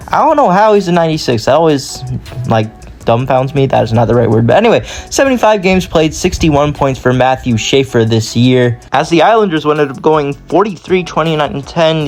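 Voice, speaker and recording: Young guy rambling over gameplay, keeps fixing his own slips, mid pitch voice. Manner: rambling, corrects himself often. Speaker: gaming YouTuber. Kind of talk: casual game commentary.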